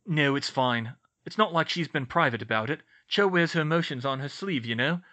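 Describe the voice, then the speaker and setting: A man's voice: on the high side, expressive, brisk, sharp tone. A man voicing a weary, injured but friendly young man in an audiobook reading.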